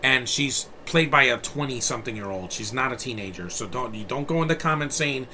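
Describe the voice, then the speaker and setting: A man's voice: mid-range voice, lively intonation, fairly quick, pushed and bright, slight background noise. A man in his thirties from New York City, giving a casual and blunt film review, rambling with plenty of fillers and profanity. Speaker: movie reviewer.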